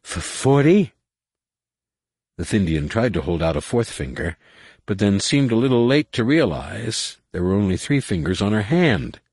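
Deep husky man narrating a novel. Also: big pitch swings, moderate pace, darkish tone, no room sound. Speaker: audiobook narrator. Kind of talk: scripted narration.

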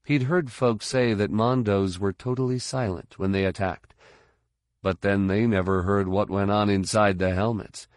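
A man reading an audiobook in measured, even scripted narration. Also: on the low side, no echo, clean studio sound.

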